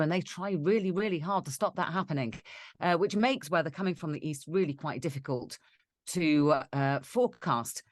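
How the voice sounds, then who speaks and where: A British woman co-hosting a weather show, talking in a relaxed, conversational way. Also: low voice, no room sound, clean studio sound. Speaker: weather presenter. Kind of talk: casual co-host chat.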